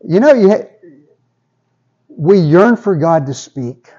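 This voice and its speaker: A man's voice: high-pitched, lively intonation, slow, mellow, husky, dull audio. A man preaching a sermon in a conversational way, often repeating words as he builds toward a point. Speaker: pastor.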